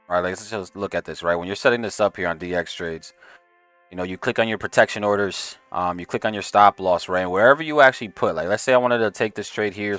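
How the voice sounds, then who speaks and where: A man's voice: on the low side, a bit bright. A man giving casual, slangy live trading stream commentary and talking to his chat. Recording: faint music behind voice.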